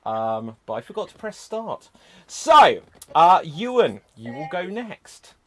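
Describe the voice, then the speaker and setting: Improv host, male, mid-high voice; chatty, brisk explainer. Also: big pitch swings. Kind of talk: hosting an online improv show.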